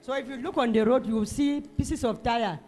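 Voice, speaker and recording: A woman from Cameroon, giving an emotional church testimony and breaking into loud shouted praise. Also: fairly high pitch, moderate pace, faint music behind. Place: church service.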